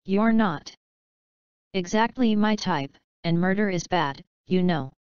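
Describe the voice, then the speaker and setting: A woman's voice: on the low side, expressive, slow, clear, resonant tone, no echo, muffled recording. A woman reading the part of a casual, wry young woman who speaks to the dead in an offhand, teasing way.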